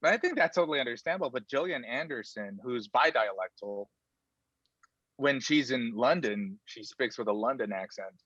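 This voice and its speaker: Casual male guest, chatty and playful, bright forceful tone, lo-fi dull recording. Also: medium pitch, normal speed, husky, no room sound. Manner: chatty and animated, drops into playful mock voices. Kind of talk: casual chat.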